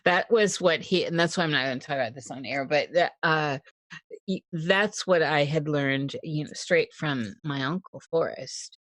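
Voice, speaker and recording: The host of an interview show, answering the guest with quick affirmations and sharing a family story in casual conversation. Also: medium pitch, a bit bright, dry recording. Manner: responsive listener, quick affirmations and frequent laughter. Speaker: podcast host.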